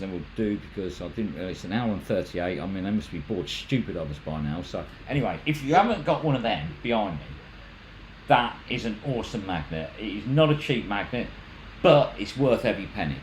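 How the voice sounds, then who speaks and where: Brief: man, lower voice, rambling and chatty, hosting a livestream and reading viewer comments aloud. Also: expressive, a little fast, a little hiss or hum, low-quality recording. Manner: chatty, rambling, stumbles and restarts. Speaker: magnet fishing channel host.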